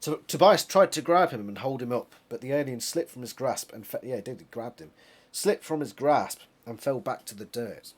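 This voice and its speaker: A man's voice: mid-range voice, normal speed. A British man reading a novel aloud, breaking off into chatty, laughing asides and correcting himself as he goes. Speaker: reader of a book series.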